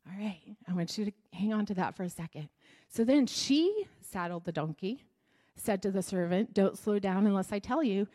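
A woman's voice: mid-range voice, a little mellow. A woman teaching a Bible story in a conversational sermon, often asking the audience questions.

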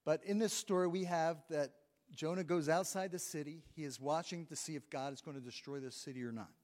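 A man's voice: fairly high pitch, steady tone, fairly quick, darkish tone. A man preaching a sermon in a conversational way, reading scripture aloud between his own remarks. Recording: long reverb of a large hall.

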